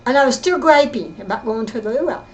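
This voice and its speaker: Older lady telling her story, kinda high voice, rambles, stops and starts, says stuff twice. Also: expressive, rough recording. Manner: rambling and halting, repeats herself. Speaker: interviewee recounting her life. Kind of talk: casual spoken reminiscence.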